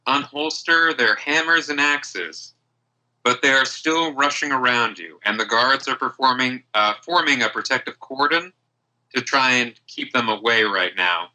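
A man's voice: medium pitch, animated, measured pace, bright, forceful tone, rough recording. A man running a tabletop game as game master, narrating loosely with many fillers.

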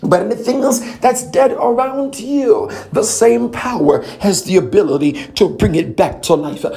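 A woman preaching a fervent sermon, repeating phrases and filling pauses with "praise God.". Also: mid-range voice, warm tone, soft background music.

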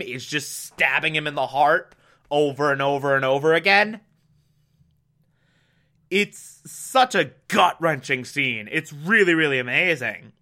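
A man giving a casual, animated recap of a TV episode, with frequent exclamations. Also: high-pitched. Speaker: show recapper.

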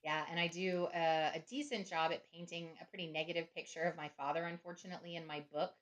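Speaking fast in a lowish, fairly bright voice with a steady tone, a middle-aged woman is a podcast guest in a conversational interview. She sounds reflective and keeps checking in with phrases like "right?" and "you know."

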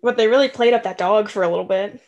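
A woman's voice: mid-range voice, fast talker, a little mellow, dull audio. A woman co-hosting a casual chat about a movie, talking in a playful, rambling way full of restarts. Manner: chatty, playful, many likes and restarts.

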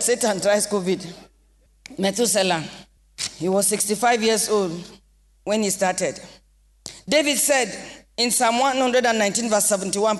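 A Nigerian woman pastor delivering an impassioned sermon with sing-song rises and shouted exclamations in a church hall. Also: mid-range voice. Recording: long reverb of a large hall.

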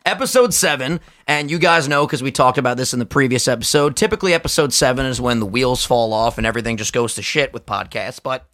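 A man's voice: medium pitch, fast talker, hardly any pauses. A young man co-hosting a podcast in casual chat, hyped and swearing a lot. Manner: hyped, swears a lot, sings and shouts bits. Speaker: podcast co-host.

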